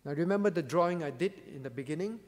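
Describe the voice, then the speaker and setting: A man's voice: on the high side, lively intonation, fast, darkish tone, big-room sound. A male pastor preaching a sermon, emphatic and repeating key phrases for weight.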